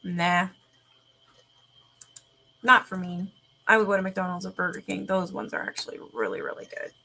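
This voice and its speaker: A woman's voice: on the low side, lively intonation, moderate pace, creaky, bright, forceful tone. A woman chatting casually, rambling, swearing freely and laughing often. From Canada. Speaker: streamer. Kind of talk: casual chat.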